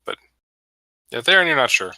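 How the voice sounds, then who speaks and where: Bright-voiced man as game master. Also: mid-range voice, big pitch swings, normal speed, no echo, poor audio. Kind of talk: running a tabletop game. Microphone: computer mic over online voice chat.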